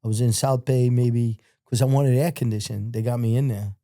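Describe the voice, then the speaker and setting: Blunt, profane man with a dark voice. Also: mid-range voice, brisk, dry recording, studio quality. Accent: American. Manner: blunt, profane, animated when quoting others. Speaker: guest telling his life story. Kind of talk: casual storytelling interview.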